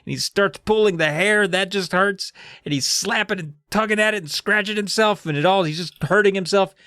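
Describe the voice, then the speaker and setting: A podcast co-host casually recapping a spooky book, telling it with lively, swearing storytelling. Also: mid-range voice, brisk, dry recording, clean studio sound.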